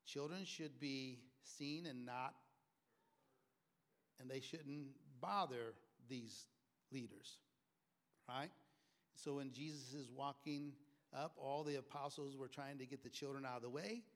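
A man preaching a sermon, telling stories and acting out quoted speech with loud, emphatic bursts. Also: mid-range voice, unhurried, long pauses. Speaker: pastor.

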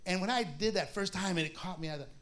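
Male pastor, slightly raised pitch, chatty Bible teacher who acts out quotes and laughs easily. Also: background noise. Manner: conversational, acts out voices in stories, laughs often; reads scripture aloud slowly.

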